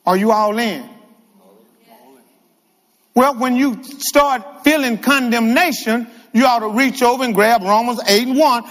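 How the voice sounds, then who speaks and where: A man preaching a sermon to a congregation, animated and calling out to the room. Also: very high voice, unhurried, long reverb tail. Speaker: guest preacher. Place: church hall with congregation.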